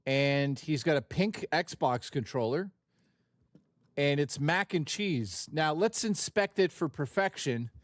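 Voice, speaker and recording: Animated, swearing male streamer. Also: a little high, slow, no room sound, studio quality. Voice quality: animated, profane, joking. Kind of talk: casual live-stream chat.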